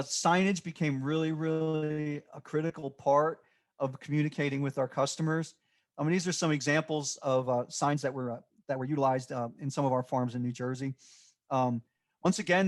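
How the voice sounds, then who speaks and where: Halting man presenting slides. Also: a little high. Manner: unscripted and halting, with many fillers and restarts. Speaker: extension presenter.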